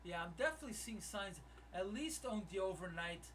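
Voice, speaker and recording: A man's voice: high-pitched, animated, brisk, a bit bright, distant mic, a little hiss or hum. A man who runs a live trading room, commenting on his trades as he streams and thinking aloud to his viewers.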